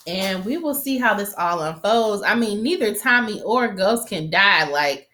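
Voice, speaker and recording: Woman vlogger, stuffy-nosed, casual and animated recap delivery, curses freely. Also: medium pitch, measured pace, slight background noise. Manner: chatty, animated, swears freely, quotes characters. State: stuffy nose from allergies.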